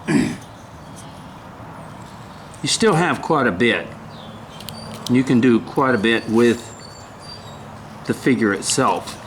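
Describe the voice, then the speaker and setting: An older man giving a casual woodcarving demonstration, talking haltingly, often clearing his throat and apologizing. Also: medium pitch, fairly bright tone, a little hiss or hum. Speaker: woodcarving instructor.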